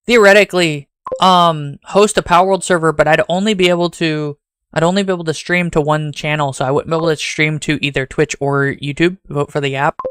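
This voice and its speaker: A rambling streamer with a Southern US accent. He chats casually to his viewers in a fairly high, smooth voice that sounds dry and close. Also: a bit bright, no room sound. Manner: rambling and chatty, talks straight to chat.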